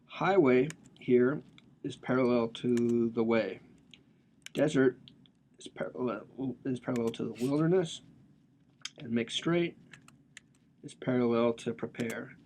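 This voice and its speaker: A man's voice: mid-range voice, darkish tone, a little hiss or hum. Jokey casual man lecturing. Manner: casual, jokey, slangy explaining. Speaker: religion lecturer.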